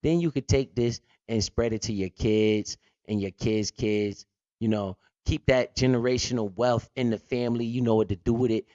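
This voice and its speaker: A man's voice: lowish voice, a little mellow, no room sound. A man hosting a crypto channel, giving blunt, profane, joking market commentary off the cuff. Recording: dull lo-fi dry audio.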